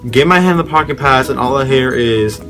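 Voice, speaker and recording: A man's voice: medium pitch, brisk, a bit bright, soft background music. A young man telling a story in a casual vlog, rambling and slangy as he talks straight to his viewers. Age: young adult.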